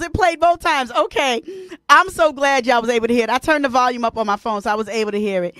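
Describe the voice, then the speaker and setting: A woman hosting a casual live stream, animated and laughing often, greeting viewers by name. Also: fairly high pitch, fast, dry recording, clean studio sound. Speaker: host.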